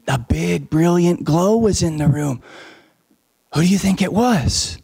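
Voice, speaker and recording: Brief: a lively man telling a story to children, voice a bit high, asks questions. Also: measured pace, gravelly, slightly rough. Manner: animated, asks the listeners questions.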